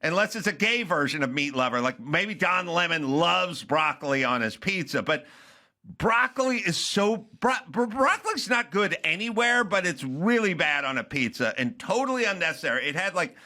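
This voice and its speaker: A man in his sixties hosting a podcast, complaining in an exasperated, animated comic rant with mock outrage. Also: fairly high pitch, moderate pace. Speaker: podcast host. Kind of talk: comedic ranting chat.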